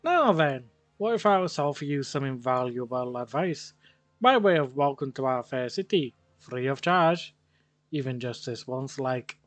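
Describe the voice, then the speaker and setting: A man's voice: mid-range voice, expressive, moderate pace, a bit bright, no echo, faint music behind, close to an everyday voice. A man reading a brash streetwise informant's lines. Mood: cheeky. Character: cheeky streetwise male city informant.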